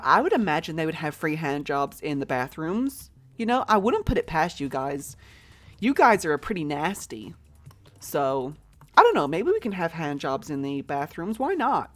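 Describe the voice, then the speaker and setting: A woman putting on an American accent to play a brash mother who runs a store in a life-simulation game. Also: on the low side. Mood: joking. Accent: put-on American. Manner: playful, exaggerated role-play in a fake accent.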